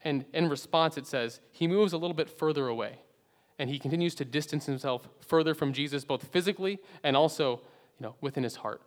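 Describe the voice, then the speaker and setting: A man preaching a sermon earnestly, swinging between loud emphatic phrases and hushed low endings. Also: brisk. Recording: long hall reverb.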